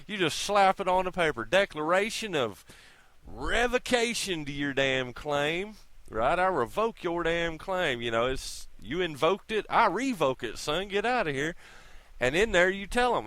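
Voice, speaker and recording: A man's voice: fairly high pitch, very animated, measured pace, a bit bright, no room sound. A man delivering a casual, folksy, profanity-laced rant straight to his viewers, whom he calls kids. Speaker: video blogger. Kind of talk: casual ranting monologue.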